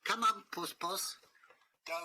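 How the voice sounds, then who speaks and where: A man's voice: sits high, very animated, slow pace, creaky, very noisy, pitched above the performer's own voice, heavily acted. A man voicing Dave, a blunt, streetwise male cat who talks like a matey bloke. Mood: menacing.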